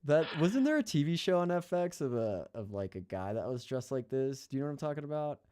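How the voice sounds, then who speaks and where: A man's voice: a little high, big pitch swings, a little fast, warm tone, clear, resonant tone. Playful male live-stream host. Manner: playful, amused, chatty. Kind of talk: casual live-stream chat.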